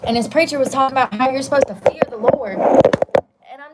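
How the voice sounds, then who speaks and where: A woman's voice: high voice, a little fast, very noisy. A woman, rambling casually to her livestream viewers while running errands. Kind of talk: casual live-stream chat.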